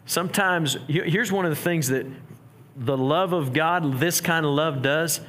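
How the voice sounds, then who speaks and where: Male pastor, middle-aged, conversational preaching style with many restarts, voice on the higher side. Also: a little slow, fairly bright tone. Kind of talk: sermon.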